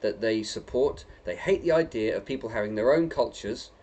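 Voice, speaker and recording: A man's voice: lowish voice, animated, normal speed, a little mellow. A man from England delivering an emphatic vlog monologue, repeating himself and tagging lines with "right?" and "okay?". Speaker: video blogger.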